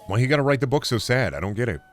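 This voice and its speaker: A young male streamer talking at a middle pitch with a lively, swooping delivery. He chats casually and rants with heavy swearing. Faint music plays behind him. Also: rapid-fire. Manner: animated, profane ranting. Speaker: game streamer. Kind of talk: casual chat while gaming.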